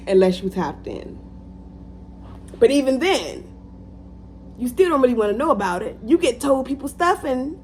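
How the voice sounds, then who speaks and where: Woman vlogger, animated motivational talk, repeats lines for emphasis, faint hum behind. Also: a little high, moderate pace. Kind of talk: casual motivational talk to camera.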